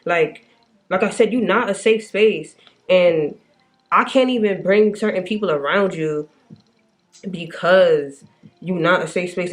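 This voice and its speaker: A young woman, vlogging and ranting bluntly to the camera with plenty of swearing. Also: on the low side. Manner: exasperated, blunt, swears a lot. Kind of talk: casual vlog rant.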